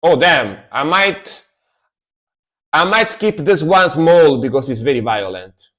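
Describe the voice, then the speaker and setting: A man's voice: on the high side, lively intonation, slow, fairly bright tone. Man rambling on a reaction stream. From Italy. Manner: rambling, repeats words, laughs easily. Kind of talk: casual live-stream reaction chat.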